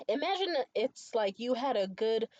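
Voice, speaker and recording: A woman's voice: a little high, lively intonation, normal speed, darkish tone, no room sound. A tired young woman ranting in a casual monologue, profane, exasperated and rambling. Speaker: stand-up comedian. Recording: muffled lo-fi recording.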